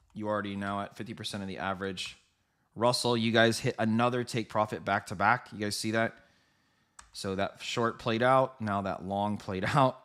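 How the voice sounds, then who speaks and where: A man hosting a live trading stream, giving quick, rambling market commentary, correcting himself and talking straight to his viewers. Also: fairly low pitch, a bit bright. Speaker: livestream trading host.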